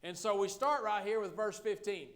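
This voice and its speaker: High-voiced folksy pastor. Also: male voice, moderate pace. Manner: folksy, joking with the congregation. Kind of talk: sermon.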